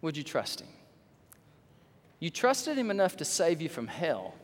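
A fairly high-voiced man with a drawl preaches in a church sanctuary, his voice ringing with long reverb. He shifts between slow, hushed emphasis and sudden loud, high-pitched bursts. The delivery is a pastor's full sermon style. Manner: animated preaching, swings from low and slow to loud high exclamations.

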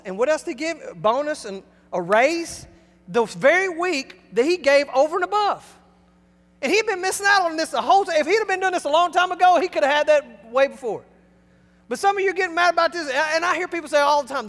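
A male pastor delivering an emphatic sermon, swinging between loud and hushed. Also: very high-pitched, lively intonation, a little fast. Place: church sanctuary. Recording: long hall reverb.

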